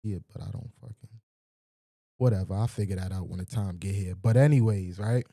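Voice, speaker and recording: A man's voice: on the low side, fairly quick, vocal fry, mellow, dry recording, studio quality. A man hosting a livestream, chatting casually with his viewers in a loose, slangy and profane way. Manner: loose, slangy and profane, talking straight to the chat. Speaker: livestream host. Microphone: desk microphone with mic checks.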